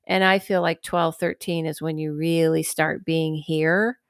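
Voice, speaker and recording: A woman hosting a podcast in casual chat, rambling with lots of fillers and lively acted-out quotes. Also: sits low, unhurried, no room sound, clean studio sound. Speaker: podcast host.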